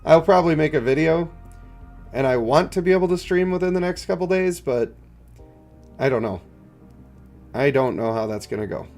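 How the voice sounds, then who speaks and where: A stuffed-up man live-streaming a mobile game, chatting in a low-key way and answering his chat. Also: animated, normal speed, long pauses, darkish tone, soft background music. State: congested, stuffed up. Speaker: gaming streamer.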